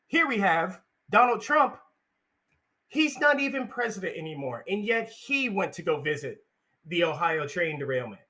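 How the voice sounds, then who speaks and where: A man's voice: high voice, sharp tone. A young man hosting a solo political commentary, ranting in a heated, indignant and sarcastic way.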